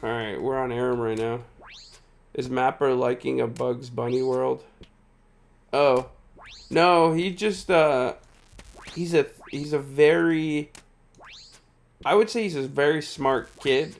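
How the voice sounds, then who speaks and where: Slow and creaky, with long pauses, a medium-pitched male voice drifts through casual live gameplay commentary. The streamer sounds tired but chatty, reading viewer chat aloud, answering it, and laughing frequently.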